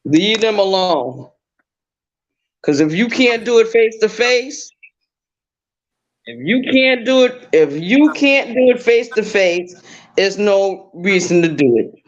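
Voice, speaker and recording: A woman's voice: medium pitch, lively intonation, measured pace. A woman calling in as a guest, giving blunt casual commentary and repeating her points for emphasis. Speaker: guest caller. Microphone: online call through a browser. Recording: dull lo-fi call audio.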